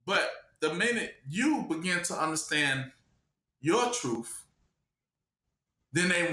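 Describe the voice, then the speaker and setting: A male preacher delivers a sermon with a high, bright voice, firing questions for his listeners to answer. He talks with steady emphasis. The room rings with echo. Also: takes it slowly, pauses often. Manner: call-and-response questioning, emphatic.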